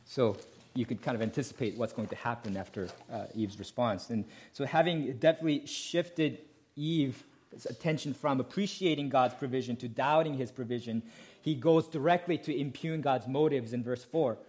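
A man's voice: medium pitch, normal speed, a little mellow. Male pastor, mid-range voice, explanatory sermon delivery with rhetorical questions.

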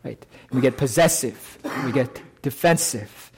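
Conversational male pastor preaching a sermon. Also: slight background noise. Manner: conversational, often adds "right?" to check with listeners; lifts pitch and slows to stress key phrases.

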